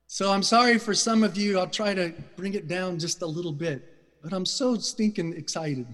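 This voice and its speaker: Brief: middle-aged male preacher, fervent and emphatic, fairly high voice, echoing sanctuary. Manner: passionate, loud and emphatic. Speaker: guest speaker. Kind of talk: sermon. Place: church sanctuary. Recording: reverberant church hall.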